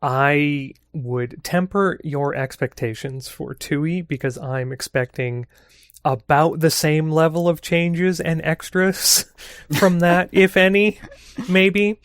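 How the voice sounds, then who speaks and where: A man who is a guest on a podcast, chatting in a relaxed, thoughtful way and laughing easily. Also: on the high side, slow, smooth, no room sound, studio quality. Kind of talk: casual chat.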